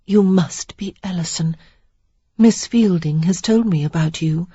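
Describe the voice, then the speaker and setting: A reader voicing a young woman posing as a notorious beauty, speaking low and throaty in a coy, teasing way. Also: measured pace, mellow, slightly rough, no room sound, muffled recording.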